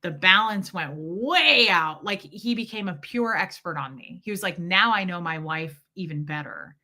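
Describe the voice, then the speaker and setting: Bright-voiced woman chatting on a livestream. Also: fairly low pitch, moderate pace. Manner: candid, expressive storytelling with quoted voices. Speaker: livestream host. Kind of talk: casual chat with live viewers.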